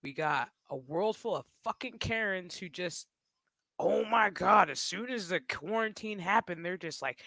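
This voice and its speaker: A man's voice: high-pitched, unhurried, gravelly, bright, forceful tone, dry recording. A man streaming live, ranting casually in a crude, mocking way and often breaking into laughter. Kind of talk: casual livestream rant.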